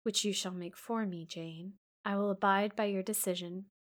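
A woman reading the part of a blind, brooding older gentleman, melancholy and self-pitying, in a storybook reading. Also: medium pitch, steady tone, moderate pace, close to an everyday voice. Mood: tender.

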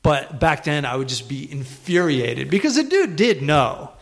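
A man hosting a podcast, telling a stand-up story in profane, animated bursts that climb toward shouting. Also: a little high, normal speed, vocal fry. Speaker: podcast host and stand-up comedian. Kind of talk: casual podcast chat.

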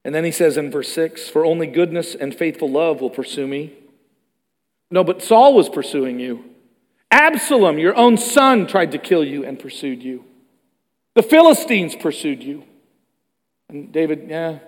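A man preaching in a slightly higher voice than most men, his words ringing with a long reverb through a large church hall. His delivery is animated, swinging between loud emphatic passages and quiet, hushed ones. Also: measured pace. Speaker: pastor. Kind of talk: sermon.

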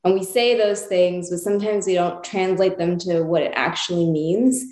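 A woman's voice: fairly low pitch, steady tone, normal speed, darkish tone. A woman co-hosting a podcast, asking reflective questions with many fillers. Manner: thoughtful, reflective, full of hedging fillers. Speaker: podcast co-host. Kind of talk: casual interview chat. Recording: roomy echo.

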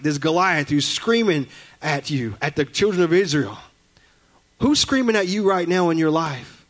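A man preaching a sermon as a guest speaker in a church, telling folksy stories and acting out family voices. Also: fairly high pitch.

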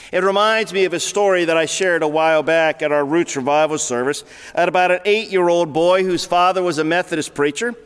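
High-voiced storytelling preacher. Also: male voice, smooth. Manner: earnest storyteller, repeats words as he goes. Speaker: pastor. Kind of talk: sermon storytelling. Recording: long hall reverb.

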